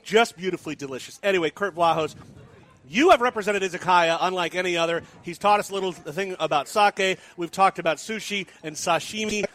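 A man's voice: high-pitched, fairly quick, a bit bright. A man hosting a live radio food show, talking with enthusiastic, playful energy.

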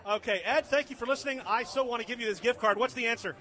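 A man's voice: very high voice, quick pace, pushed and bright. A man hosting a live food radio show on location, joking and enthusiastic with his guests. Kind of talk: live remote radio broadcast.

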